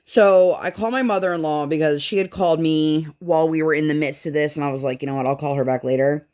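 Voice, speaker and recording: A woman in her thirties chatting casually while she crafts, acting out the people in her story with big jumps in her voice. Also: quick pace. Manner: animated storytelling, acts out dialogue with big pitch jumps. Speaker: craft vlogger.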